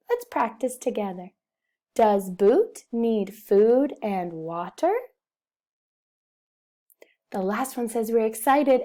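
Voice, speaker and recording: Slow, patient teacher woman, warm tone. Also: sits high. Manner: slow, patient, with expressive modelling of sentences. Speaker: first-grade teacher. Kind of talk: recorded remote reading lesson for children.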